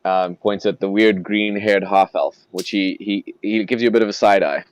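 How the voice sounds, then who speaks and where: A man narrating a tabletop game as game master and voicing its characters in a gruff way. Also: lowish voice, fairly even intonation, normal speed.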